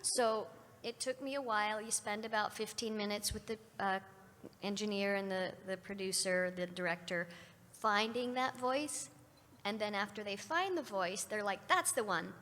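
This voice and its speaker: A middle-aged woman voice actor answering fan questions at a convention panel with playful, animated storytelling. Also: medium pitch, normal speed. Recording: reverberant convention hall.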